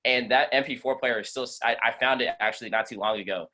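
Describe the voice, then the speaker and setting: A man co-hosting a casual podcast, telling a story in a relaxed, halting way with fillers. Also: mid-range voice, a little hiss or hum. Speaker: podcast co-host.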